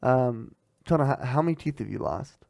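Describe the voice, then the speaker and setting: A woman's voice: a bass voice, lively intonation, normal speed, creaky, a little mellow, dry recording, studio quality. A woman interviewing her young child in a casual, chatty, encouraging way, laughing often.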